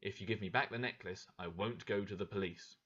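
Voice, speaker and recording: A man voicing a firm, composed older lady who talks calmly without shouting in a storybook reading. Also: on the low side, a little fast, husky, dull audio. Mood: firmly calm. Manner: firm and calm, never shouting.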